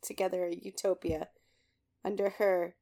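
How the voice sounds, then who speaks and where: A woman's voice: on the low side, little pitch movement, moderate pace, dark tone. A woman co-hosting a podcast in casual chat, making wry, dry remarks. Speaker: podcast co-host.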